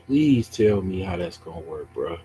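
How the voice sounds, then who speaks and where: A man who streams chess and mocks a viewer, asking drawn-out questions in a teasing way. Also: deep voice, lively intonation, dark tone, slight background noise, low-quality recording. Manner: mocking, taunting, drawn-out questions. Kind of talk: casual livestream chat.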